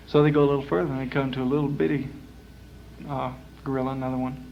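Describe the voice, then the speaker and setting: A man's voice: fairly high pitch, little pitch movement, fast, gravelly, a little mellow, slight background noise. A man telling a long, rambling joke on a club stage, casual and drawling, with lots of filler words, on a muffled 1960s live recording. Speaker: performer telling jokes on stage.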